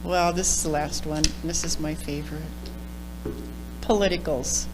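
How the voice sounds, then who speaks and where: A man's voice: on the high side, steady tone, moderate pace, background noise. A man reading short, dry poems at an open mic night. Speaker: poetry reader.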